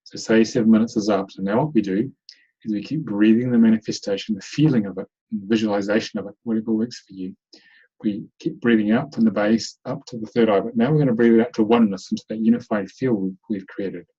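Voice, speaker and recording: A man leading a guided meditation in an online webinar, giving slow, soothing instructions. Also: on the low side, steady tone, mellow, slightly rough, muffled recording. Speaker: meditation teacher.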